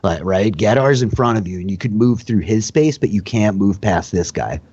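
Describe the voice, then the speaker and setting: A man's voice: on the low side, animated, normal speed, a little mellow, breathy edge, no echo, dull audio. A man running a tabletop game as dungeon master, narrating in a loose, profane, laughing way.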